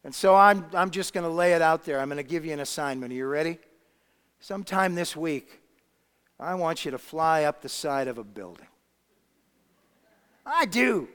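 A pastor preaching a sermon, swinging between loud emphasis and hushed quiet. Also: male voice, a little high, expressive, moderate pace, long pauses, clear, resonant tone. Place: church sanctuary. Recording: long hall reverb.

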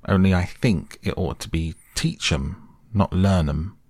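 A man's voice: sits low, measured pace, darkish tone, slightly rough, no echo, clean studio sound. A man reading the part of an anxious, careful male water rat. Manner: careful, humble, worried.

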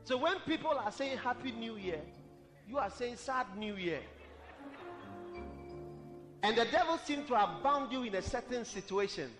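A man preaching with fervent, repetitive declarations that build to shouts. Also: extremely high pitch, animated, normal speed, long pauses, long reverb tail, music in the background. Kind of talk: sermon.

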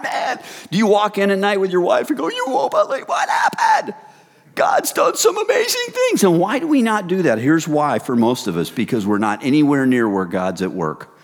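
A man preaching a sermon in a casual, animated way, swinging from hushed lines to loud excited bursts. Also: high-pitched, big-room sound. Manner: casual, addresses the crowd as "you guys".

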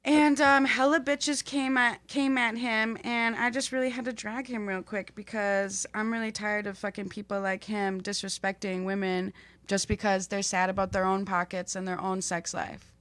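Young woman co-host, bright and forceful, plain-spoken and profane. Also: mid-range voice, flat delivery, normal speed. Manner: blunt, profane, heated. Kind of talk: casual chat.

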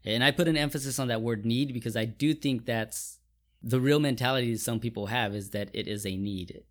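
A man's voice: mid-range voice, a little fast. A man co-hosting a casual faith discussion, talking thoughtfully and often restarting his sentences. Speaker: co-host.

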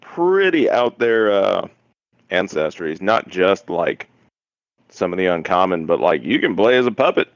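Deep-voiced man in easygoing banter. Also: very animated, unhurried, dry recording, highs cut off. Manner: joking, laid-back, trailing restarts. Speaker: player. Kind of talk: casual chat.

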